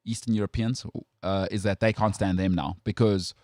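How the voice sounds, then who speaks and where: A man's voice: on the low side, steady tone, normal speed, darkish tone, dry recording. A man with a South African accent hosting a sports talk show, opinionated and joking, rambling with restarts in studio banter. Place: radio studio.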